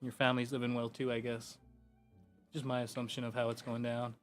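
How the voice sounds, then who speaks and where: A man streaming a game, chatting casually and loosely, swearing and filling every pause with "like" and "you know". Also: mid-range voice, monotone, soft background music. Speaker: gaming streamer. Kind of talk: casual rambling chat.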